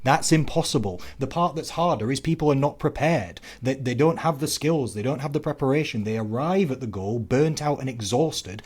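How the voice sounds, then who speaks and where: A fitness coach on a podcast, talking emphatically. He punches his key words loudly, then drops to quiet asides, with an average, everyday pitch. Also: animated, moderate pace, few pauses, husky. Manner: emphatic, swings between punchy loud stresses and quiet asides. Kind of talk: casual podcast chat.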